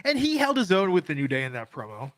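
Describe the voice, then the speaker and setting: A man's voice: sits high, wildly swooping pitch, fast talker, no echo, studio quality. A man co-hosting a wrestling podcast in casual, joking chat, rambling and swearing freely. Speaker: podcast co-host.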